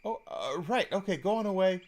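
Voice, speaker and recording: A man's voice: high-pitched, expressive, normal speed, voice pushed up. A man voicing a young male hero who stammers nervously. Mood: sheepish.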